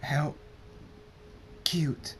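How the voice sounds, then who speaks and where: A man voicing Thunderstorm, a brave male pony fighter, speaking quietly and defiantly in his own voice. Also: very slow.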